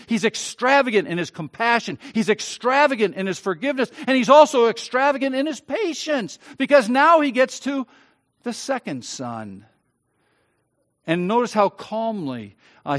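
A man pastor preaching a sermon, swinging between loud, emphatic stretches and quiet, soft ones. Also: high voice.

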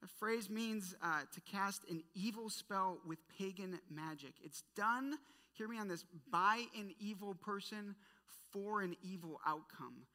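Bright-voiced woman teaching scripture. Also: mid-range voice, a little slow. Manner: animated, conversational, playful asides. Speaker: Bible teacher. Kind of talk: casual Bible study teaching. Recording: long hall reverb.

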